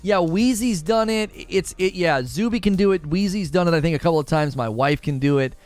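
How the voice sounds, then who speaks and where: A man's voice: sits high, a little fast, a little mellow, soft background music. A man streaming, chatting casually with viewers in a rambling, laughing manner. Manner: rambling, self-interrupting, laughs often.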